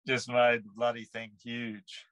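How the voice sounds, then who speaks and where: A man, telling a personal story in a relaxed, rambling way full of earthy slang and restarts. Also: mid-range voice, measured pace, no echo, low-quality recording. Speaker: interview guest. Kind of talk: casual storytelling.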